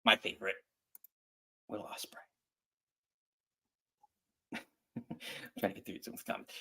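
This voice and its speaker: A man's voice: takes it slowly, pushed and bright. A man hosting a casual wrestling podcast, running the segues and asking his co-host for picks. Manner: upbeat, moves the show along with segues.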